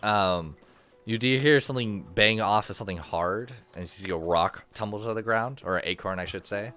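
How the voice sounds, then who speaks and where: A man's voice: fairly low pitch, normal speed, pushed and bright, faint music behind. A man running a tabletop game as game master, narrating in an easygoing, playful way.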